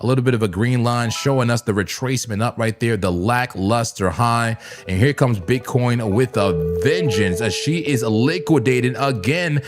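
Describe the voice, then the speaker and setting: A man hosting a live crypto trading stream, talking casually and excitably, with a voice hoarse and cracking from long streams. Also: medium pitch, normal speed, hardly any pauses, faint music behind. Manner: excitable, laughs often, sudden shouts. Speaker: crypto trading livestream host.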